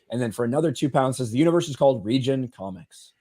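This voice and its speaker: A podcast host with an ordinary middle-pitched man's voice. He ribs his co-hosts bluntly and reads out viewer donations in a plain, casual way. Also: animated, fast talker, few pauses, dark tone, husky. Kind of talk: casual chat.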